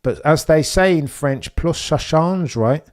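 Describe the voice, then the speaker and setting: A young man giving a live watch-along commentary of a race, theatrical and wordy, swinging between grumbling and excited outbursts. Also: fairly high pitch, a little slow.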